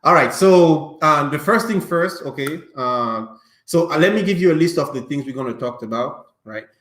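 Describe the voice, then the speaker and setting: A man's voice: on the high side, lively intonation, normal speed, a bit bright. A man hosting an online podcast in a casual, joking manner, with a non-native English accent, many fillers and restarts. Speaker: podcast host. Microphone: online stream call. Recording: echoey room.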